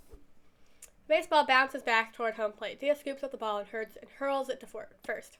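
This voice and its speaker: High, bright-voiced young woman reading aloud. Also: moderate pace. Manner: animated, lively read-aloud delivery. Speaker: streamer. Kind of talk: reading a visual novel aloud.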